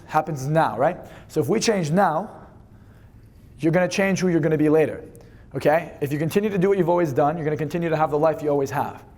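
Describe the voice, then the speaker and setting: A man leading a live seminar, energetic and fast, swearing freely as he instructs the room. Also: a little high. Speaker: seminar speaker.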